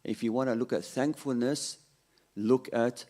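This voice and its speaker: A man's voice: medium pitch, fairly even intonation, a little slow, mellow. A man giving a conversational Ramadan sermon, telling a story and often restarting his sentences. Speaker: religious lecturer.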